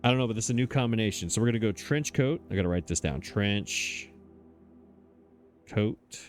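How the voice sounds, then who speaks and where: A man's voice: fairly low pitch, normal speed, faint music behind. A man hosting a let's play, talking casually into his desk microphone as he thinks aloud, hesitating and chuckling at himself. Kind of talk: casual gameplay commentary.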